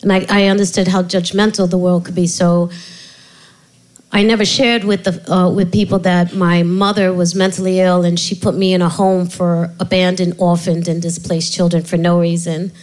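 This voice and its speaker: A woman's voice: on the low side, moderate pace, rough recording. A middle-aged woman, an author and guest, telling her life story in an interview with many restarts. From Puerto Rico heritage. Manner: animated storyteller, laughs often, many restarts. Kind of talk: candid interview conversation.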